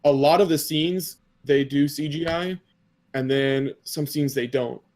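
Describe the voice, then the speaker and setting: A man's voice: a little high, measured pace, a little mellow. A man co-hosting a casual podcast, telling an anime episode's story in a rambling way with many fillers and quoted lines. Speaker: podcast co-host.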